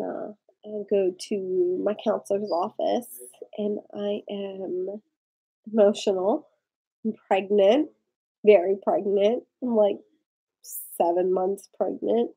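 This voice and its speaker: A woman vlogger telling a personal story in a rambling, halting way, tipsy and tearful. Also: medium pitch, slightly rough, dull audio. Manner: rambling, halting, with frequent fillers and swearing. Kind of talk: casual confessional storytelling.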